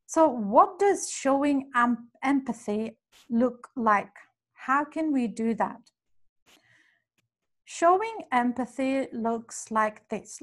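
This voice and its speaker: Woman giving a slow careful parenting talk, talks right to her listeners, fairly high voice. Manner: slow, earnest, instructive, addresses listeners directly. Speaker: podcast host and parenting speaker.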